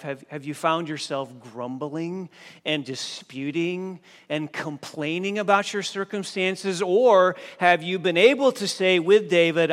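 A man preaching a sermon as a pastor, slow and emphatic, pressing hard on key phrases. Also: fairly high pitch. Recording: long reverb of a large hall.

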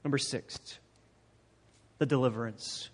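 A man's voice: mid-range voice, steady tone, unhurried, slightly rough. A male pastor preaching an expository sermon, emphatic and repeating phrases for stress, recorded in a church sanctuary. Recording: long reverb of a large hall.

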